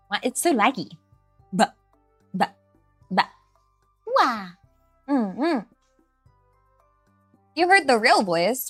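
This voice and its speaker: A woman's voice: medium pitch, a bit bright, no room sound. A woman streamer chatting casually at her setup, giggly, scattered and self-deprecating, often restarting her sentences. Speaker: streamer, virtual avatar host. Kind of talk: casual live-stream chat.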